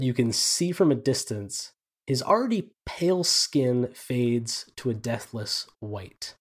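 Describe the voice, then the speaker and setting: A man narrating as game master of a tabletop game, in vivid, descriptive storytelling with casual asides. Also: mid-range voice.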